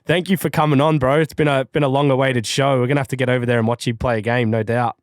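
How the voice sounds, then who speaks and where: A male podcast host with a relaxed, encouraging manner who keeps calling his guest bro and mate. His voice sits at a middle pitch and is recorded dry and close, with no room sound. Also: fast, no echo. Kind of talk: casual interview chat.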